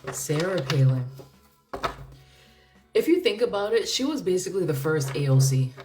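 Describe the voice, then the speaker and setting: A woman's voice: on the low side, big pitch swings, moderate pace, loud music behind the voice. A woman doing a casual tarot reading, musing aloud in a chatty way with frequent fillers and laughs. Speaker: tarot reader.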